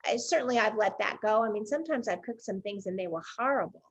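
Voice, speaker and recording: A woman in her sixties hosts a casual interview show, speaking candidly and rambling a bit. Her mid-range voice moves fast with lively intonation. The recording sounds somewhat dull and lo-fi.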